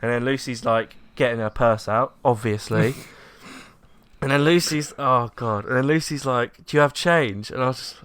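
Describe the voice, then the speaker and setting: A young English man in casual podcast chat, animated, acting out the people in his story. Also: mid-range voice, normal speed, clean tone. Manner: animated storyteller, acts out quotes, laughs often. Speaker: podcast co-host.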